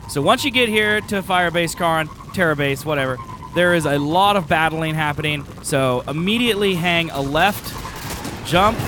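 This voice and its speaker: A man's voice: fairly high pitch, noisy background. A man giving a casual gameplay walkthrough, with wry, sarcastic asides. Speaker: game guide host.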